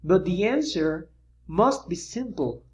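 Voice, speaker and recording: A reader voicing a helpful, fussy female teacher from a storybook in a measured, slightly lower voice. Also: lively intonation. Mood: puzzled.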